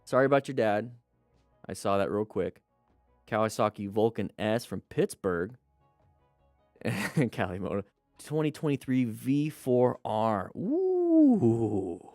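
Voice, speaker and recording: A man hosts a live stream in a relaxed, chatty way, greeting viewers and reading their comments aloud. His voice sits a little low and sounds smooth and clear. The recording is dry and close, with faint music underneath. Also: a little slow, long pauses, no room sound. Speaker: live stream host and riding instructor. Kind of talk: casual live stream chat.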